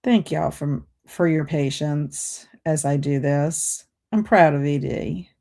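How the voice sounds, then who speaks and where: A woman's voice: deep voice, takes it slowly, gravelly, dark tone. A woman hosting a livestream, chatting casually and reading out viewer comments while multitasking. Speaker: BookTube livestream host.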